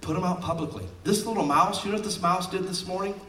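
Animated pastor preaching in a roomy church. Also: male voice, high-pitched, fast, recorded from a distance, slight background noise. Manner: animated, jokey and exhorting, with sudden loud outbursts. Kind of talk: sermon. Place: church hall. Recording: roomy sound from off-mic.

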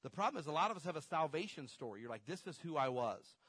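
A man preaching a conversational sermon as a pastor, swinging between loud emphatic bursts and quiet storytelling asides. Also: fairly high pitch, lively intonation, fast, breathy edge, no echo.

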